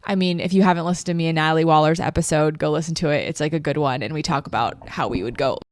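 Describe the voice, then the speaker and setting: A woman's voice: low-pitched, fast talker. A young adult woman hosting a podcast, telling a personal story in a chatty way, full of fillers, with emotion close to the surface. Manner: emotional, tearful at times, many "like" fillers. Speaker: podcast host. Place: living room.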